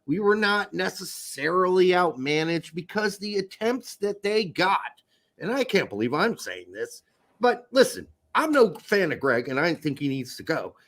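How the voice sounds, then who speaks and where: A man co-hosting a podcast, chatting casually about a soccer match, animated and swearing freely. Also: high voice, normal speed. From Netherlands. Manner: animated, swears, acts out quotes. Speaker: podcast co-host. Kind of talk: casual sports chat.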